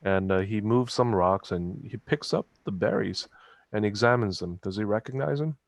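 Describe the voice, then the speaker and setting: A man's voice: on the low side, normal speed, creaky, no room sound. A man playing a tabletop game, plainly describing his character's actions. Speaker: player. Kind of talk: casual tabletop play.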